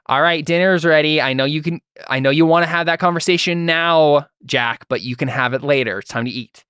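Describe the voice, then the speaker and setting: A man voicing a calm middle-aged mother who talks in a matter-of-fact way. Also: on the high side, fairly quick, smooth, no room sound, studio quality, lightly acted.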